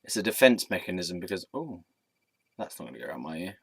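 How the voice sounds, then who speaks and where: A man's voice: low voice, very animated, fast talker, creaky, fairly bright tone, a little hiss or hum. A young man telling rambling, silly stories to his camera, giggling often and slipping into put-on voices. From England. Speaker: vlogger. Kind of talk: rambling casual vlog storytelling.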